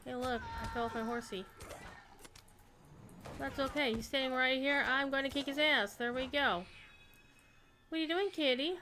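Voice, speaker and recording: A woman's voice: high-pitched, steady tone, normal speed, pauses often, noisy background. A woman streaming an online role-playing game, chatting casually as she plays and talking to her pets. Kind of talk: casual gameplay commentary.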